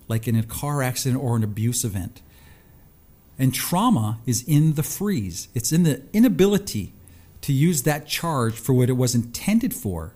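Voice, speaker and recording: Here a male talk show host tells an anecdote from his own life, animatedly impersonating the people in it. He speaks in a mid-range voice, and his manner is lively and expressive.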